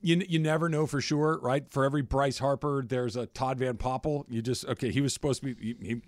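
A man's voice: medium pitch, steady tone, brisk, no room sound. A man hosting a sports talk radio show, chatting casually and reading out daily trivia. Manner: chatty, reads daily trivia, rambles with restarts.

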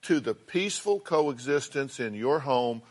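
A man's voice: medium pitch, animated, a little slow. A man hosting a talk show, blunt and lecturing, repeating his points for emphasis. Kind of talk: confrontational talk show counseling.

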